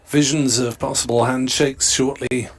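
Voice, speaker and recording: A man giving steady, matter-of-fact ball-by-ball cricket commentary. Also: medium pitch, measured pace.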